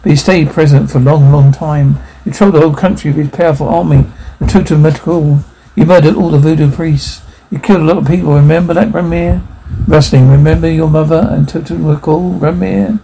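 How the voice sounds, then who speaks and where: A man's voice: a little high, fairly even intonation, quick pace, hardly any pauses, mellow, a little hiss or hum, poor audio. A man reading a film's dialogue and sound captions aloud, doing every part and cue in one voice.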